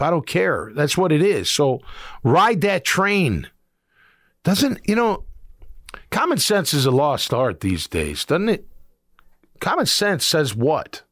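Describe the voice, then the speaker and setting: A man's voice: sits high, a bit bright, no echo, clean studio sound. A middle-aged man, a former player hosting a sports talk show, giving blunt, emphatic opinions.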